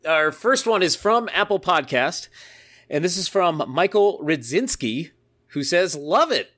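A man's voice: a little high, expressive, a little slow, fairly bright tone. A man hosting a podcast in casual chat, upbeat and jokey, reading listener mail aloud. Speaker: podcast host.

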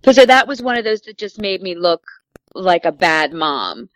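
A woman in her thirties, a comedian guest, telling lively anecdotes about her toddler and acting out the child's lines. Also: on the low side, moderate pace, dry recording, rough recording. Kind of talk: storytelling chat.

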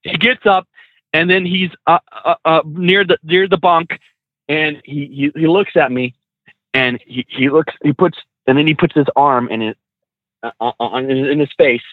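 A man with a slightly high voice tells trucking stories in a loose, animated way, laughing often and restarting his sentences. The sound is dry and tinny, like a phone line, with no room at all. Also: moderate pace, no echo. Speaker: truck driver and trainer. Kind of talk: casual storytelling interview.

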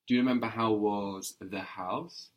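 A man's voice: lowish voice, steady tone, unhurried, dull audio. A man teaching a language lesson, patiently repeating and modelling words.

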